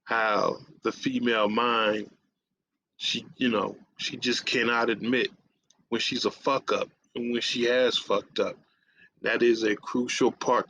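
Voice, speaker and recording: A man's voice: medium pitch, a bit bright, a little hiss or hum. A man hosting a radio show, telling a casual story in profane streetwise slang and tagging lines with "man". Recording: dull lo-fi audio.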